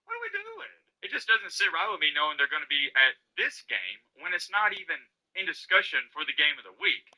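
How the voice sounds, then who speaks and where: Fast, bright-voiced man ranting. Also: on the high side, animated, poor audio. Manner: emphatic, rhetorical questions, Southern slang. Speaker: sports commentator. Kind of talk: opinionated college football rant.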